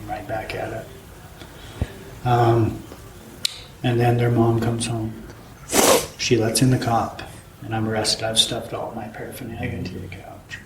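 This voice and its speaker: A middle-aged man, a former student now on staff, giving a halting personal testimony with many fillers. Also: lowish voice. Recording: echoey room with clear background noise.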